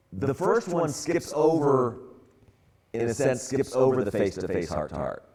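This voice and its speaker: An older man in his sixties, from the San Francisco area, tells a story at church in an easygoing, conversational way. His voice sits fairly low, and he talks in loose, rambling phrases with plenty of ums and you-knows. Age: 60s. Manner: relaxed, conversational, many fillers. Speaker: church ministry speaker.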